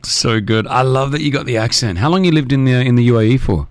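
A man hosting a breakfast radio show, teasing callers and co-hosts with lively banter. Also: medium pitch, no room sound. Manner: lively, teasing, quick to laugh.

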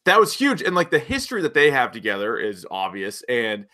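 A man co-hosting a casual chat recapping a TV episode, animated and jumping between points. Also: mid-range voice. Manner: animated, jumps between points, quotes scenes in quick asides. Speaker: podcast co-host.

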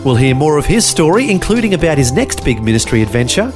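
Expressive male radio host over music. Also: a little high, quick pace. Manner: polished, expressive announcer delivery. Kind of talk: scripted radio announcing.

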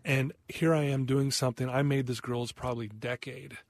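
A middle-aged man with a mid-range voice tells a personal story in an earnest, animated way, acting out the lines he quotes. He sounds close to the mic in a dry space with no echo. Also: medium pitch, moderate pace. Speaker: interview guest.

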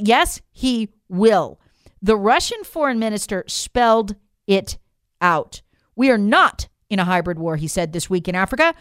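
A woman's voice: mid-range voice, lively intonation, unhurried, clean tone, dry recording, clean studio sound. A woman delivering an opinionated political monologue to her audience, emphatic and incredulous, often addressing listeners as folks. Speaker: political commentator.

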